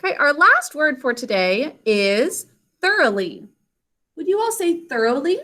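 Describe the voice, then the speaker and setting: A woman teaching an online spelling lesson to children over a video call, sounding out words slowly and giving frequent praise. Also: sits high, very animated, sharp tone. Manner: slow, deliberate enunciation with praise.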